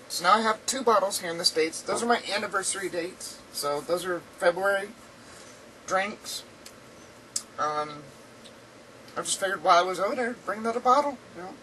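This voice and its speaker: A woman's voice: medium pitch, bright, forceful tone, distant mic, a little hiss or hum, low-quality recording. A woman chatting casually in a rambling video diary from home, laughing often, her throat dry and sore. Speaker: vlogger. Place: indoors at home.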